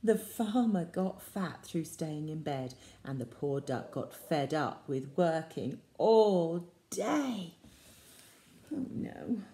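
Slow, expressive woman reading to children. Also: low voice. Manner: expressive, slow, drops to soft whispers for asides to children. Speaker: storyteller for children. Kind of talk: picture-book read-aloud. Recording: echoey room.

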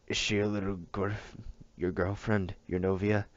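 A man voicing an ancient, domineering old patriarch in a storybook reading, dry, slow and commanding. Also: on the low side, flat delivery, dull audio, natural voice.

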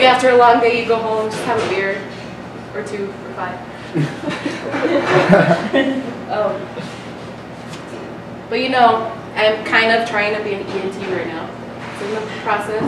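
A young woman performing a chatty, self-mocking stand-up comedy set, laughing at her own jokes in front of a small live audience. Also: a little high. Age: young adult. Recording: echoey, distant, noisy live room recording.

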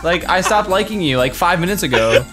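A young man bantering and laughing excitably while playing an online game with friends. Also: high-pitched, fairly quick. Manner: giggly, excitable, joking. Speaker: gamer. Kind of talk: casual gaming banter. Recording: loud background music.

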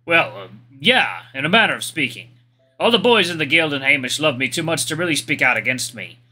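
A man voicing a gruff, boastful old male hyena father in a folksy, pirate-like drawl. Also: on the high side, big pitch swings, a little fast, pushed and bright, faint music behind, heavily acted. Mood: hearty.

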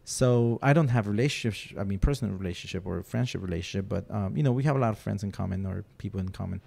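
A rock photographer and interviewer, whose first language is Spanish, guests on a podcast and tells rambling, joking stories in casual chat full of fillers and restarts. His voice is on the low side, gravelly and a little mellow, and he talks at a quick pace.

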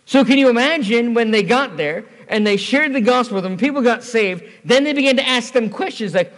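A man's voice: very high-pitched, lively intonation, brisk, hardly any pauses, fairly bright tone. A man preaching an evening sermon as pastor, conversational and storytelling, asking the congregation rhetorical questions. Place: church. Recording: church hall reverb.

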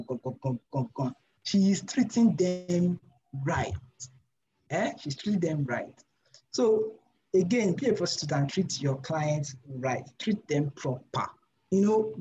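A man's voice: on the high side, darkish tone, a little hiss or hum. Young guy giving a pep talk to designers, keeps repeating himself and asking "right?", kinda dull lo-fi audio. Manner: emphatic, repeats phrases, fires rhetorical questions. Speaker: design mentor. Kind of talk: informal talk in a live review session. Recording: slightly dull lo-fi recording.

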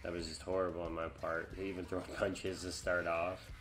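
A man's voice: sits low, flat delivery, normal speed, a bit bright. A man casually commentating on his own gameplay, chatting along and groaning or exclaiming when things go wrong. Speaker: gamer.

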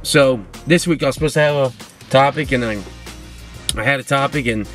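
Brisk and medium-pitched, a man hosts a podcast by himself from his car, with faint music behind him. He drinks, wanders from topic to topic, curses freely, and makes himself the butt of his jokes.

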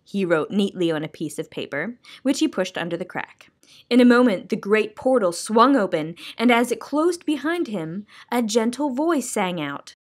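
A woman library storyteller reading a children's book aloud in a clear, measured, expressive way. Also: mid-range voice.

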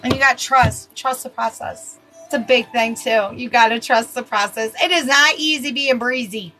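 A woman's voice: a little high, normal speed, pushed and bright, soft background music, rough recording. A woman giving casual live tarot readings, talking bluntly and chattily, swearing freely and laughing at herself. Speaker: tarot reader.

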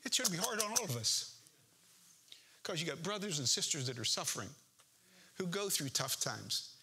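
Pastor guy preaching hard, kinda husky, bright edge to his voice. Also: a little high, expressive, moderate pace. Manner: earnest, impassioned preaching with rising emphasis. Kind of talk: sermon. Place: church.

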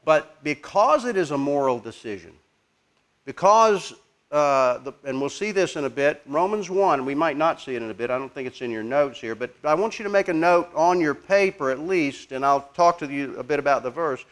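A man teaching a congregation in a conversational, halting way, pausing to ask the audience questions. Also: on the high side, lively intonation. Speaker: preacher teaching apologetics.

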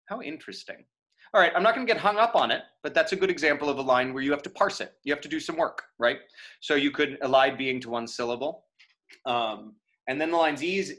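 A man giving a lecture on verse scansion, thinking aloud and reading lines slowly with stress. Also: mid-range voice, expressive, fairly bright tone.

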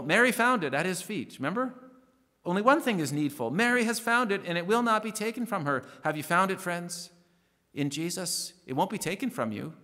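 Male preacher, fervent and deliberate, reads verses slowly, voice a bit high. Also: pushed and bright, in a large hall. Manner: earnest preaching, rising emphatic stresses, slows to read verses. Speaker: pastor. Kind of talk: radio sermon.

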